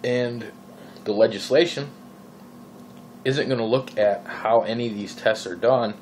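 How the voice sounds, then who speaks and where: Here a male vlogger from Minnesota rants casually about vaping in a Minnesotan accent, rambling with fillers and exasperated questions. His mid-range voice is darkish and measured. The recording is low quality, with slight background noise.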